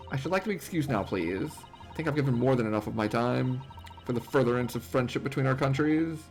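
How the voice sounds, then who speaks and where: A man's voice: medium pitch, animated, fast talker, faint music behind, close to an everyday voice. A man reading a haughty, scornful English lady villain. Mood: smug. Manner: disdainful, condescending reading.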